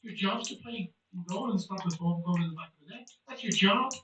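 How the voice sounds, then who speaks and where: A man's voice: high voice, a little fast, fairly bright tone, dull audio, a little hiss or hum. A man doing an impression of a stern, scornful older football pundit who berates a player in clipped, repeated phrases, recorded on a distant mic in a roomy space.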